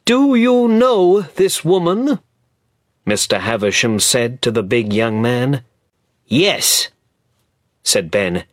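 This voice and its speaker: A man narrating a storybook slowly and clearly, as if for language learners. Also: fairly low pitch, dry recording, clean studio sound. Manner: slow, clear reading for learners. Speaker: audiobook narrator.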